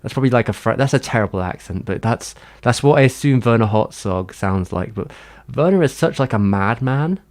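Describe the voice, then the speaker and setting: A man's voice: mid-range voice, lively intonation, a little fast, few pauses, a little mellow. A man chatting casually on a livestream, answering his chat in a rambling, hesitant way with many fillers and restarts.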